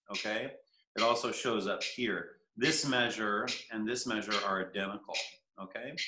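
Male drum teacher, low bright voice, relaxed instruction in a roomy space. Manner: counts rhythms aloud, easygoing. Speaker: percussion teacher. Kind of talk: casual instruction. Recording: echoey room.

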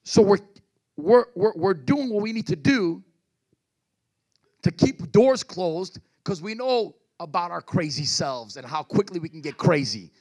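A man's voice: high-pitched, lively intonation, a little slow, a little mellow. A man preaching a sermon at a church service as pastor, calling out to the congregation and urging them to respond.

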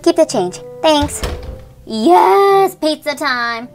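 A woman's voice: sits high, lively intonation, extremely slow, faint music behind, full character voice. A woman voicing a teenage big sister babysitting in a toy doll role-play, scolding and sing-song. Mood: bossy. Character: teen big sister babysitting, bossy but kind.

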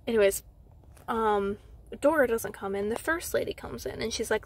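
A young woman telling a storytime vlog from inside a car. She retells it in an animated way, fills her talk with "like" and acts out what others said. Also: medium pitch, moderate pace. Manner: animated retelling with frequent "like" fillers, acting out others' lines. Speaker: vlogger.

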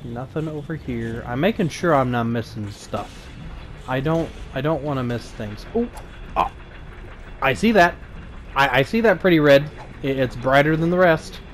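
A man giving a relaxed let's play commentary, thinking aloud in a flat, low-key way and often repeating small words. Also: normal speed, slight background noise. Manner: low-key, flat delivery despite interest. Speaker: gaming channel host.

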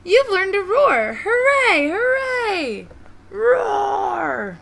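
A woman's voice: extremely high pitch, extremely slow, vocal fry, slight background noise, pitched above the performer's own voice, heavily acted. A woman voicing a group of rowdy young lion cubs in a storybook reading. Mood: cheering. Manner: loud, excited.

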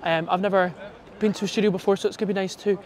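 A man who performs in drag talks very fast in a high-sitting voice as he vlogs on a handheld phone. The feel is casual and excitable, with lots of "um" and "literally."

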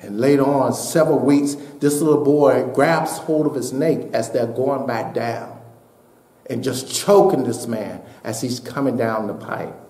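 A man's voice: medium pitch, steady tone, a little slow. Echoey preaching pastor, a man. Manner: preaching with rising, shouted climaxes and hushed storytelling. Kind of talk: sermon. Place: church sanctuary.

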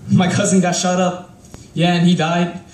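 A man's voice: sits high, level tone, moderate pace, a little mellow. A young man performing a live spoken word piece in a rhythmic, rhyming, heartfelt delivery, standing before a crowd. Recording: echoey room from a distant mic.

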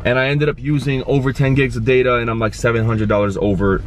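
A man's voice: medium pitch, fairly even intonation, fast, a little hiss or hum. A young man chatting casually to a handheld camera, rambling and cheering on his dogs, in a car and outdoors. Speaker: vlogger. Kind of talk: casual vlog talk to camera.

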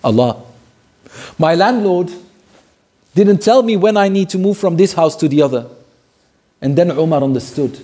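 A man with a fairly high but warm, mellow voice and a husky edge teaches a Quran commentary lesson. He retells old stories earnestly, repeats key phrases for weight and drops Arabic phrases into his teaching. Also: lively intonation, moderate pace, pauses often.

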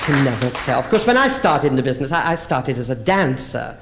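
A man's voice: mid-range voice, very animated, brisk, over a noisy crowd, very noisy. A man performing a bawdy stand-up monologue in drag character on a live theatre stage. He tells camp stories and swoops into quoted voices. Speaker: drag comedian.

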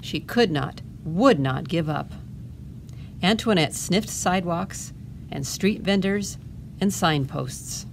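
A woman librarian reading a picture book aloud to children, pausing for gentle explaining asides. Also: on the low side, lively intonation, gravelly, a little hiss or hum. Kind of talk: storytime read-aloud.

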